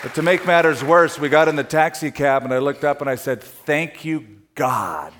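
A man's voice: a little high, quick pace, some chatter behind. A middle-aged man from California preaching a sermon, telling a travel story with laughter before turning to scripture. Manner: animated storyteller, laughing through anecdotes.

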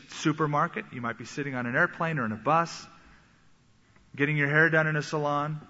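A man preaching a sermon, animated and acting out the voices he quotes. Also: fairly high pitch. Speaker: pastor. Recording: echoey hall, dull sound.

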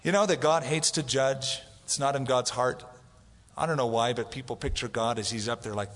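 A man's voice: mid-range voice, normal speed, a bit bright. A man preaching a sermon as pastor, telling stories and acting out the voices of the people he quotes. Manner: storytelling, acts out quoted voices. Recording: long hall reverb.

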